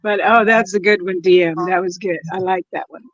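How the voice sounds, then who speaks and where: A woman's voice: on the low side, fairly even intonation, a little fast, no echo. A giggly, joking woman chatting as a guest on a casual craft livestream. Her voice comes through a dry, slightly dull computer microphone. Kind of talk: casual chat.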